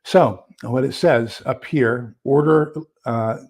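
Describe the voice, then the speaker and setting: A man's voice: mid-range voice, slow pace, a little mellow, slightly rough. A man hosting a casual live stream, rambling with many fillers as he reads a document aloud and fumbles with screen sharing. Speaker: livestream host.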